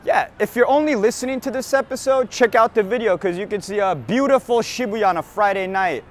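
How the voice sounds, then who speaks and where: A man's voice: sits high, brisk. A hungover man hosting a crude comedy podcast on a city street at night, talking in a loose, brash, joking way. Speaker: podcast host. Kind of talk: crude casual comedy chat. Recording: outdoor street with faint traffic.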